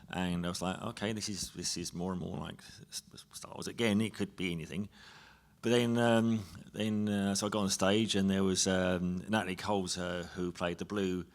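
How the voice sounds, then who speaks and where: An English man from England, a guest on a convention panel, telling a story live with lots of fillers, restarts and giggly asides. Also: low voice.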